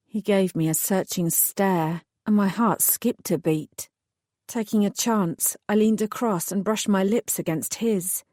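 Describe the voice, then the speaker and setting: A woman narrating a first-person audiobook in a measured, lightly wry way. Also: mid-range voice, a little mellow, no room sound, clean studio sound.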